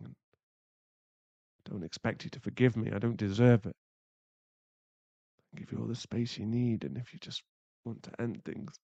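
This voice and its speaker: A man's voice: lowish voice, creaky, mellow, husky, no room sound, lo-fi sound, heavily acted. A man voicing a young boyfriend who is hot-tempered but remorseful, in a whispered role-play, swearing and then murmuring apologies.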